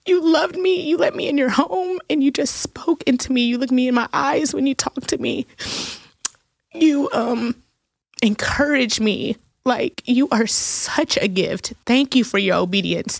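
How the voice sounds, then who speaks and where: A woman's voice: medium pitch, vocal fry, no room sound, studio quality. A woman in her thirties, a guest in a casual faith chat, talking in an emotional and effusive way, tearful at times.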